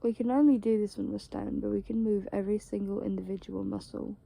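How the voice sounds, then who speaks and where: A tired woman rambles along in a very dark, mellow voice with a gravelly edge of fry. Her talk meanders, packed with "like" and casual swearing, as if chatting to someone close. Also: mid-range voice, steady tone, quick pace. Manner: meandering, heavy use of "like" and swearing.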